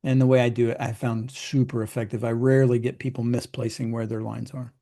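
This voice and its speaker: A man's voice: mid-range voice, flat delivery, dark tone. A middle-aged man coaching in casual conversation, chatty and explaining with homely examples. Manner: chatty, acts out clients in quick put-on voices.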